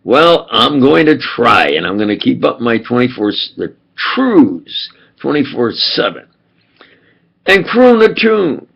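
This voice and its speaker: An older man with a New York accent, talking in a halting, wandering monologue full of fillers and restarts. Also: medium pitch, gravelly, husky, muffled recording. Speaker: video blogger. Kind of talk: rambling monologue.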